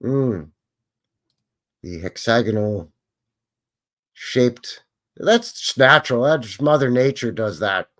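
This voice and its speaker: Male host, chatty and wry, with a very animated pitch. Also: takes it slowly, pauses often. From Canada. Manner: chatty, joking, exclaiming at what he sees. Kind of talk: casual live commentary on old photos.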